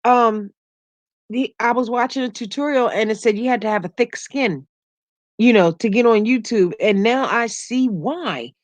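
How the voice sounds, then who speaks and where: A middle-aged woman hosting a casual livestream, chatting with viewers, laughing often and telling animated stories. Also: fairly high pitch, normal speed, dry recording. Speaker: YouTube livestream host. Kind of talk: casual livestream chat reading comments.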